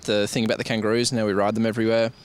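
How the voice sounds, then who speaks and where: Measured Australian man on the street. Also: lowish voice, little pitch movement, a little hiss or hum. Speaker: interviewee. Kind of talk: casual opinion chat.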